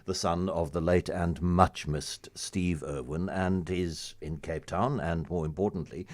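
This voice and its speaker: An older man hosts a radio chat, his voice sitting low and deep. He talks in a chatty, joking way, often stumbling and restarting. The studio sound is dry and close. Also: steady tone, unhurried, darkish tone, no room sound. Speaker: radio host. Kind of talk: casual radio interview.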